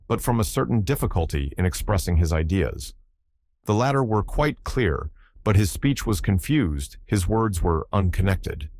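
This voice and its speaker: A man narrating a classic adventure audiobook in a measured, formal storytelling manner. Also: low voice, a little mellow. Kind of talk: scripted narration.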